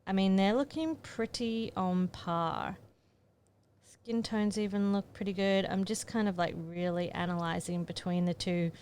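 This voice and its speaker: A woman photographer gives an editing tutorial, casually narrating her steps and muttering to herself as she thinks aloud, chatty throughout. Her medium-pitched, darkish voice moves at a measured pace, with slight background noise.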